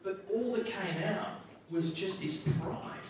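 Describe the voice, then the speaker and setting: A man performing a stand-up comedy routine as MC at a corporate gala dinner, telling a story with animated, self-deprecating asides. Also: sits high, slow, a little hiss or hum. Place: large function room at a gala dinner. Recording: echoey hall, distant mic, audience laughter.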